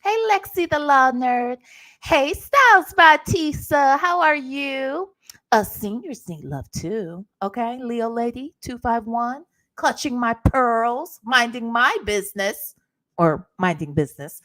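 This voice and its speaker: A woman's voice: on the high side, lively intonation, takes it slowly, fairly bright tone. A woman hosting a live stream, chatting sassily with viewers and calling them honey and baby. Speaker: livestream host. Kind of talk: casual live-stream gossip chat.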